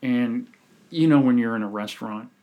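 A man's voice: medium pitch, moderate pace, dull audio. A man on a podcast, a communication coach telling stories in a casual chat and acting out the people he quotes. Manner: animated storyteller, acts out quoted people.

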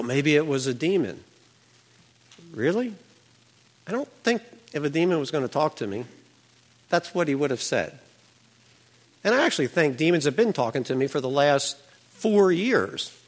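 A man's voice: on the high side, very animated, normal speed, long pauses. An older man telling an earnest personal faith testimony, his voice climbing when he relives the moment.

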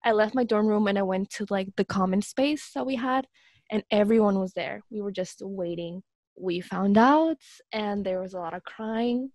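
A woman's voice: medium pitch, moderate pace, darkish tone, no echo, studio quality. A young woman in a casual chat, speaking in an earnest, reflective way.

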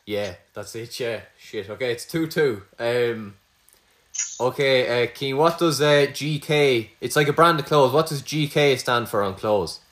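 Teasing Irish quizmaster, mid-pitched voice. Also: male voice, measured pace, fairly bright tone. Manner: teasing, swears freely. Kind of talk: casual chat.

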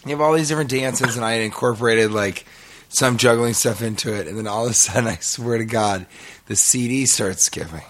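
Speaking briskly in a medium-pitched, fairly bright voice, a man co-hosts a podcast. He rambles through a long, foul-mouthed story that pokes fun at himself.

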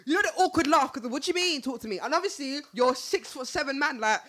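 A woman's voice: high voice, fast talker. A woman, co-hosting a podcast and telling a story in casual chat, acting out what people said and breaking into laughter. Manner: animated, acts out quoted lines, bursts into laughter. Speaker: podcast co-host.

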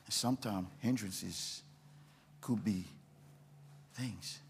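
A man's voice: medium pitch, measured pace, vocal fry, a little hiss or hum. A man preaching a sermon as pastor, repeating insistent questions to the congregation.

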